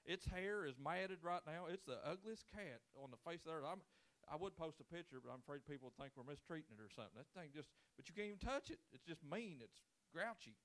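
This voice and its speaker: Male pastor, forties, folksy joking sermon, slightly high voice. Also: expressive, quick pace, fairly bright tone. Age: 40s. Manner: folksy, joking storytelling with casual grammar.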